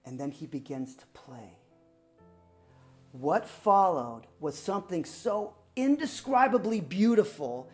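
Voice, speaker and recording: A woman tells a personal story as a performance, dramatic and lively. She rises to loud, excited peaks and drops to hushed, near-silent passages. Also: fairly low pitch, slow pace, faint music behind. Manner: animated, dramatic, swings between loud and hushed. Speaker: student storyteller.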